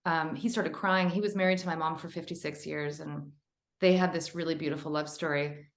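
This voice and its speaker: A woman's voice: deep voice, steady tone, fairly quick, echoey room. A woman author as a podcast guest, telling a personal story in an earnest, emotional, rambling way.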